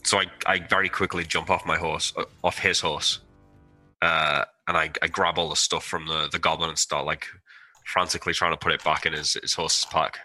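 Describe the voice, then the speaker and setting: Deep-voiced man playing a tabletop game. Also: little pitch movement, normal speed, bright, forceful tone, faint music behind. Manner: hesitant, casual. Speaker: player.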